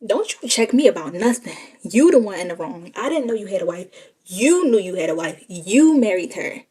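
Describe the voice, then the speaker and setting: A woman's voice: mid-range voice, animated, brisk, mellow, slightly rough. A young woman telling a casual, sassy story and talking straight to her listeners as y'all. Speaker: storyteller vlogger.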